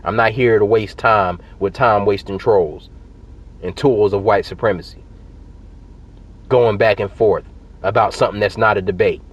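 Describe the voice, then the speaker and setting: A man with a fairly low voice delivers angry, emphatic political commentary straight to his viewers. He hammers his points through repetition. The recording is dull and lo-fi. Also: steady tone, moderate pace, long pauses, slightly rough. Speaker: political vlogger. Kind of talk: angry direct-to-camera commentary.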